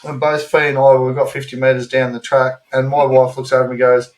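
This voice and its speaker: A man's voice: mid-range voice, flat delivery, fairly quick, hardly any pauses, low-quality recording. Rambling Australian man telling a yarn. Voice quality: swears freely and talks in loose rambling asides. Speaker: podcast co-host. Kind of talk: casual storytelling chat.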